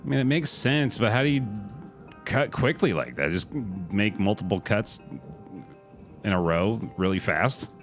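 Low-voiced laid-back male streamer. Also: lively intonation, measured pace, a bit bright, faint music behind. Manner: laid-back, swears, reacts aloud to game. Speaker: game streamer. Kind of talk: casual live-stream gaming commentary.

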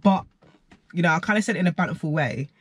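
Young bloke, husky, slightly high voice, casual slangy storytime vlogger. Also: male voice, fast talker, no echo. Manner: slangy, chatty retelling with quoted asides.

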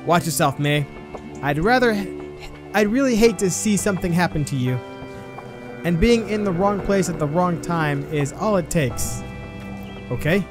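Dude reading a grim town cop, measured and warning, music underneath. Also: male voice, high-pitched, animated. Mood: ominous. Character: stern small-town cop, grave and warning. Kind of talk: reading game dialogue aloud.

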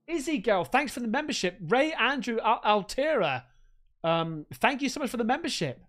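A man live-streaming, excitedly thanking donors by name and unboxing gifts, swearing freely. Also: very high voice, moderate pace. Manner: excitable, sweary, calls everyone mate. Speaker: livestreamer.

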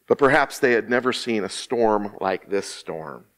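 A man preaching a sermon as associate minister in a church, slow and emphatic, with dramatic pauses and quiet hushed drops. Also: lowish voice, animated. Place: church sanctuary.

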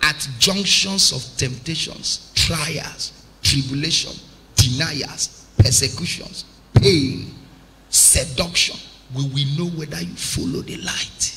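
A man preaching a sermon as an evangelist, with impassioned delivery that swells into shouted emphasis. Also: a little high, slow pace, creaky, slight background noise.

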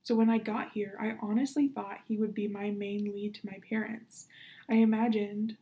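A woman's voice: medium pitch, flat delivery, normal speed, mellow, close to an everyday voice. A woman voicing an earnest, brave runaway girl in a children's storybook reading, eager and full of questions. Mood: explaining.

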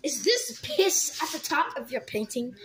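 A woman's voice: sits high, very animated, unhurried, a bit bright. A woman in an improvised comedy skit, sounding defensive and protesting.

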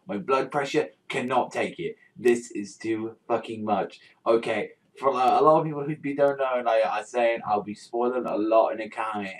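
A man vlogging his reaction to a manga chapter, rambling through fillers, swearing constantly and bursting into shouts. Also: lowish voice, distant mic, poor audio. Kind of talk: excited reaction rant.

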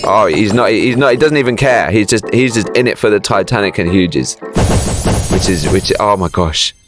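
A young man commentating on a video game, talking fast and excitedly, repeating words over and over. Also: fairly low pitch. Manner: fast, repetitive, hyped-up chatter. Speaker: gaming YouTuber. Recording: faint music behind.

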